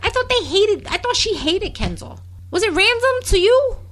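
A woman co-hosting a casual podcast chat, gossiping in an animated way and quoting characters in exaggerated voices. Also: very high-pitched, normal speed. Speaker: podcast co-host. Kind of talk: casual chat recapping a soap opera.

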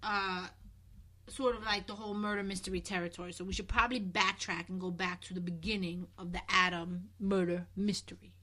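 A woman's voice: fairly low pitch, steady tone, fairly quick, bright, forceful tone. A woman co-hosting a casual chat, blunt, sarcastic and often exasperated. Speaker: podcast co-host.

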